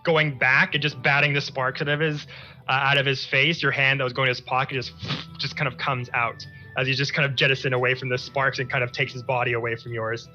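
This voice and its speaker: Bright-voiced man running a tabletop game. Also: medium pitch, flat delivery, muffled recording, faint music behind. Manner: descriptive, unhurried storytelling. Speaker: game master.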